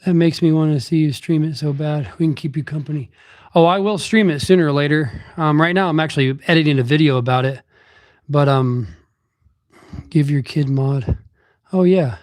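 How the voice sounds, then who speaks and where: A man on a live stream keeps up relaxed, easygoing banter with his chat as he exercises between comments. His darkish voice is on the high side and moves at a moderate pace.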